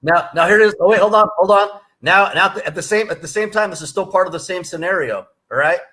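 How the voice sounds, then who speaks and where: A man hosting a casual talk show, speaking in an excited, teasing way. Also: high voice, fast talker. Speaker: host. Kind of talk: casual chat.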